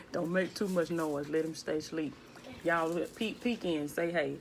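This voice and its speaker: A woman with a low, hushed voice talks to her live-stream viewers indoors at home, greeting them by name in a relaxed, casual manner. She keeps a steady tone and a measured pace. There's a faint noise under the phone recording.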